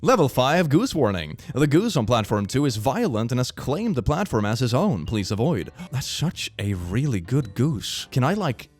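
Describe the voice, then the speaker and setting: A young man giving casual reaction commentary, sarcastic and quick to laugh, with frequent puns. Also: mid-range voice, sing-song, breathy edge, dry recording.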